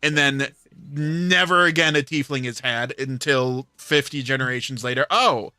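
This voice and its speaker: A man's voice: medium pitch, steady tone, moderate pace, sharp tone, smooth, no room sound, studio quality. A man hosting a livestream, telling a rambling story in casual chat with plenty of filler words. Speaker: livestream host.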